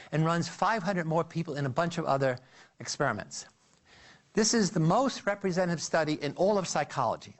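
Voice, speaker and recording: Guy lecturing on psychology, kinda high voice, storytelling style, lots of uhs and restarts. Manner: animated storytelling, addresses listeners as "you"; frequent restarts and filler "uh".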